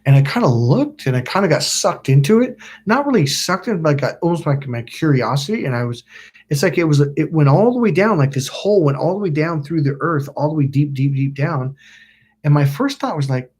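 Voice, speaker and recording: His voice is a little high, a little mellow, with a breathy edge, expressive and brisk. The middle-aged channel host from Napa, California rambles through a story on a casual livestream, swearing a lot and acting out quotes.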